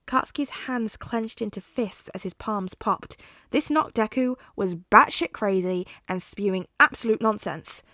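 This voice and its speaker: A woman narrating a fan fiction audiobook in a steady, measured storytelling voice. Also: mid-range voice, no echo, clean studio sound. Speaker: podfic reader.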